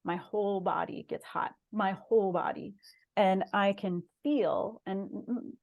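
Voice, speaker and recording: A woman's voice: mid-range voice, fairly even intonation, unhurried, creaky. A middle-aged woman, a guest on an interview show, earnestly telling a personal story in casual conversation. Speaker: guest, shaman and massage therapist.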